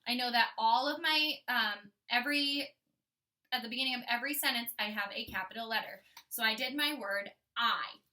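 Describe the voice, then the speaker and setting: A young woman teaching kindergarten, modeling writing and thinking out loud as she slowly sounds out letters for young children. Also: on the high side, distant mic.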